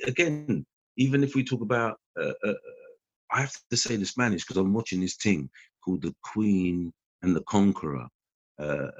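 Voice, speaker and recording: A man's voice: on the low side, moderate pace, dry recording. A man rambling through casual chat and acting out quotes as he tells stories. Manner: animated storyteller acting out quotes. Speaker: guest. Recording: dull lo-fi podcast recording.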